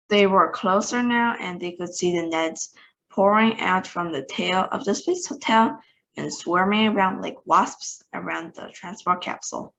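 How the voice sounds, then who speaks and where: A woman's voice: mid-range voice, measured pace, vocal fry, muffled recording. A woman reading a children's book aloud, voicing each character's lines. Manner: animated, shouts out characters' lines.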